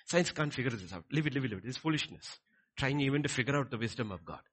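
Emphatic pastor with a lively voice. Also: male voice, medium pitch, fast talker, husky. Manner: emphatic preaching with swings from soft to loud. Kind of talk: sermon.

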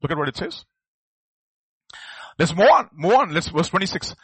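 A man's voice: a little high, big pitch swings, moderate pace, long pauses, fairly bright tone, husky, no echo. A man preaching a sermon, acting out quoted voices and building to emphatic outbursts. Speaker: pastor.

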